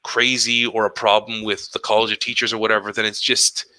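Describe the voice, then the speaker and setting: Male podcast co-host, middle-aged, lowish pitch, very bright tone, lively storyteller. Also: a little fast, no echo, low-quality recording. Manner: animated storytelling, acts out quoted dialogue. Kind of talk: casual chat.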